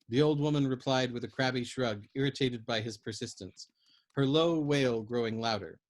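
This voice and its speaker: A man narrating a novel aloud at a steady storytelling pace, with the odd throat clear and slip. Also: mid-range voice, normal speed. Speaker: audiobook reader.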